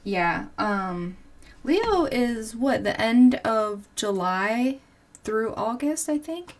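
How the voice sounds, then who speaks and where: A woman in her forties chats unhurriedly as she crafts on a livestream. She giggles often and answers viewers' comments. Her speech is slow and easygoing. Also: fairly high pitch, expressive, slight background noise. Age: 40s. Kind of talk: casual chat while crafting.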